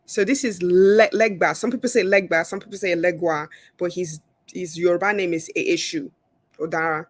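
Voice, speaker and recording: A woman talking as a guest on a video call, stammering and repeating words as she explains her card readings. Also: mid-range voice. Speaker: guest, spiritual reader. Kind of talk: casual chat over a video call.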